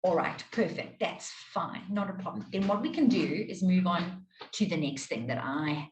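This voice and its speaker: A woman's voice: lowish voice, expressive, moderate pace, muffled recording. A woman teaching a live online maths class, explaining steps patiently and checking in with her students often. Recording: roomy echo.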